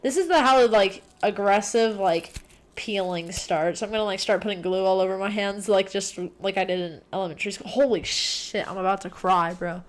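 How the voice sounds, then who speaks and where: A woman streamer chatting casually to her viewers, rambling, excitable and full of swearing. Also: mid-range voice, moderate pace. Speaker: livestreamer. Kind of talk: casual livestream chat.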